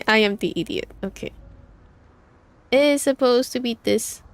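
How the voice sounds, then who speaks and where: A woman's voice: a little high, measured pace, pauses often. A woman streamer reading a book aloud, breaking off for giggly, chatty asides and stumbling over hard names. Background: soft lo-fi music.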